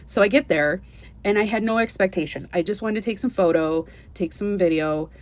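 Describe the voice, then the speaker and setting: A woman's voice: mid-range voice, brisk. A woman telling her own travel story in a casual, earnest way, with many restarts and asides. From United States. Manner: earnest and animated, with many restarts and "you know"s.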